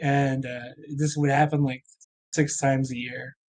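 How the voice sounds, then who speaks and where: A man who is a podcast guest, telling stories in casual chat with halting, rambling restarts. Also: mid-range voice, little pitch movement, a little mellow.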